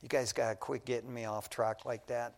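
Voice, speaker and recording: A middle-aged man, a pastor, giving a casual, animated sermon full of stories, often saying "man". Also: mid-range voice, fairly quick, creaky. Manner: folksy, animated storytelling preacher, says "man" often. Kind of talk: conversational sermon. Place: church sanctuary. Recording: long reverb of a large church hall.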